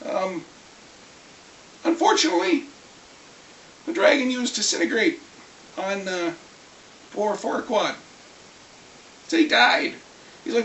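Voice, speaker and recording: A vlogger getting over a cold, clearing the throat, telling a rambling, lively story about a tabletop game in a casual rant. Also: medium pitch, slow pace, pauses often. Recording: echoey room, far from mic, faint hiss.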